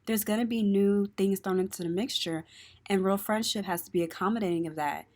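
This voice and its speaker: A young woman hosts a casual talk show. She tells stories in a chatty, animated way and laughs easily. Her voice sits at an ordinary pitch for a woman. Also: fairly quick. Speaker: podcast host. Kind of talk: casual chat and show recap.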